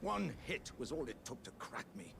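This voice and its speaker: A living warrior jar in a video game, gallant and humble, speaking with old-fashioned formality. The voice is gravelly and lively in pitch, and a heavy rumbling noise sits under the game audio. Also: male voice, normal speed, heavily acted. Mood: self-deprecating.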